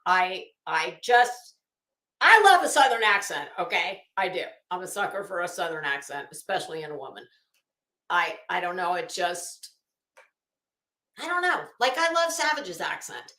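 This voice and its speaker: A woman's voice: lowish voice, big pitch swings, normal speed, sharp tone. A woman streaming and chatting casually, rambling with many restarts and fillers. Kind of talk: casual chat. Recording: echoey room.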